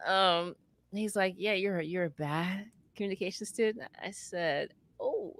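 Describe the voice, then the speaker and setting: A woman telling a story in casual chat, animated and laughing often as she acts out the voices of the people she quotes. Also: fairly low pitch, dry recording. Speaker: former campus advisor.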